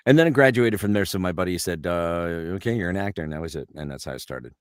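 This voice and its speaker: A middle-aged man from Canada with a deep voice, a voice actor telling stories in a casual interview, full of restarts and fillers. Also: fast talker, dry recording, studio quality. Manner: animated anecdotes with lots of restarts and fillers. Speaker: guest voice actor.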